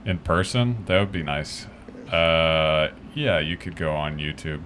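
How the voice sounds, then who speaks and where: A man guesting on a comedy podcast, deadpan and trading loud comic insults in an improvised roast. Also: very deep voice, a little slow, a little hiss or hum.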